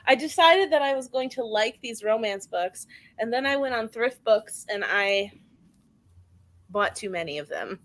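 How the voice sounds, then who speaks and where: A young woman hosting a casual reading stream from home, chatty and animated, laughing at herself often. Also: fairly high pitch, measured pace, low-quality recording. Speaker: host of a reading sprint stream. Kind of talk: casual chat. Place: home, near her kitchen.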